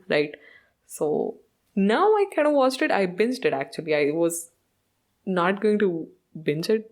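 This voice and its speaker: A woman hosting a podcast, chatting casually about a show, mixing in Hindi and laughing often. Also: fairly low pitch. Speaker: podcast host.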